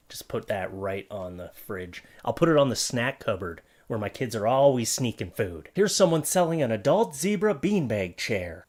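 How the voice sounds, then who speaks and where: A man's voice: medium pitch, animated, moderate pace, few pauses. A man giving joking, sarcastic commentary on odd items from online listings, as the host of his comedy channel. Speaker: comedy YouTuber.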